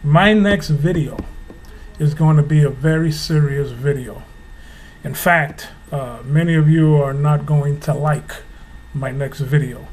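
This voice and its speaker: A middle-aged man speaks in a fairly high voice and preaches to his viewers with passion. He talks slowly and leans hard on each rhetorical question, like a sermon delivered straight to the camera. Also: darkish tone, slight background noise. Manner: impassioned, rhetorical questions, slow and emphatic. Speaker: religious video host.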